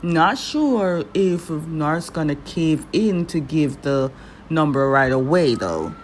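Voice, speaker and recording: A woman giving casual reaction commentary on a drama trailer, chatty and sassy, talking straight to the characters, with big jumps in pitch for emphasis. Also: very animated, slow pace, a little hiss or hum. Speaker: drama trailer recap vlogger.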